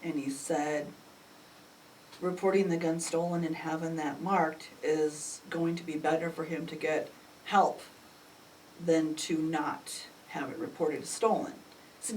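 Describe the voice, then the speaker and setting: A middle-aged woman recounting a family crisis in an emotional, animated way, acting out the dialogue with sudden jumps in pitch. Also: measured pace. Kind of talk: emotional personal storytelling. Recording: distant mic with faint ambient noise.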